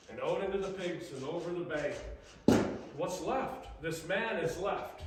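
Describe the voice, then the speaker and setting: A man preaching a sermon, animated, acting out the voices in his stories. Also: fairly high pitch, a little slow, very noisy. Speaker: pastor. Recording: echoey room, from far off.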